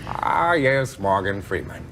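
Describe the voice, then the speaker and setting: A man doing comedic impressions, swinging between slow and very fast talk. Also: lowish voice, animated, fairly bright tone, slight background noise.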